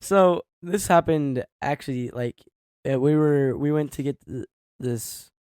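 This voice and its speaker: A man co-hosting a relaxed podcast chat, easygoing and quick to giggle. His voice sits a little high, and it is recorded dry and close. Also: clear, resonant tone, no room sound. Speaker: podcast co-host. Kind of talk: casual chat.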